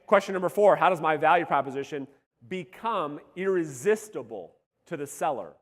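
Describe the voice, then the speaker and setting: Hoarse-edged, high-voiced coach in a hall. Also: male voice, normal speed. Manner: energetic, profane, calls out to the audience. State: voice going hoarse. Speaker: real estate sales coach. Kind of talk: live seminar talk to a room. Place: seminar room before a live audience.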